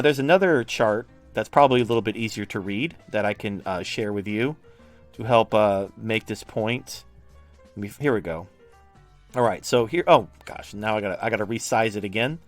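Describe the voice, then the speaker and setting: A man's voice: mid-range voice, no room sound. A man from the United States explaining political charts in a casual, blunt and profane way. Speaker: political commentator. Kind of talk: casual explanatory talk over a shared chart.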